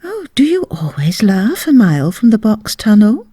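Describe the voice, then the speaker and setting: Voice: huge pitch swings, normal speed, warm tone, dry recording, clean studio sound. A reader voicing a young lady on a train, coy and easily frightened, in a raised voice. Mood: curious. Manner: high, breathy coy lines.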